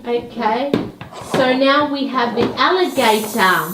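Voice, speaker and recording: A woman slowly naming toy animals for children at home, coaxing them to make animal sounds. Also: a little high, noisy background. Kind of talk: slow explanatory narration for kids. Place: home room. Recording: echoey room with music behind.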